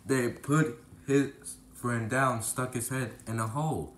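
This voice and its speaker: Man, rhyming storybook narration, sing-song, very slow, faint hiss. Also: medium pitch, fairly bright tone, echoey room, rough recording.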